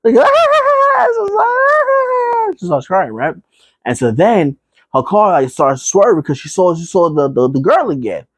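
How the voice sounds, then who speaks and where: A man's voice: a little high, very animated, slightly rough, dry recording. A man casually recapping a horror movie, rambling with fillers and asides, now and then acting out the characters. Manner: acts out characters in quick put-on voices.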